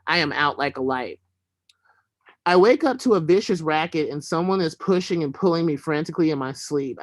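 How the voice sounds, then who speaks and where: A man reading his own prose aloud in a wry, deadpan way. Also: fairly high pitch, no room sound. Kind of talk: literary reading.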